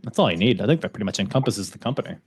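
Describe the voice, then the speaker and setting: A man's voice: on the low side, expressive, very fast, slightly rough. A man hosting a podcast, recapping events in a loose, casual chat and laughing often. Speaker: podcast host.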